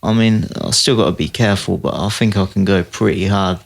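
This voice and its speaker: Young guy fighter, real deep voice, chill podcast chat, laughs a lot. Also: brisk, gravelly. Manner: laid-back, often says "man", laughs easily. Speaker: MMA fighter guest.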